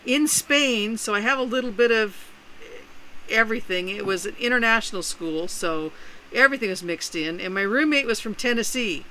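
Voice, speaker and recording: A woman's voice: fairly high pitch, lively intonation, moderate pace, sharp tone, poor audio. A woman from California chatting casually as the host, laughing often. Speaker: streamer mom. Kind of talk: casual chat.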